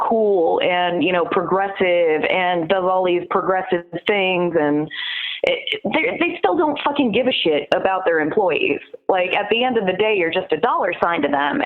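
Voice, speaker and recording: A woman speaking over a tinny, phone-like remote line, her voice mid-pitched. She vents with heat and swears freely, her words tumbling out in a rush. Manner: heated, profane, fast-spoken venting. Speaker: podcast guest, union organizer. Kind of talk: casual interview chat.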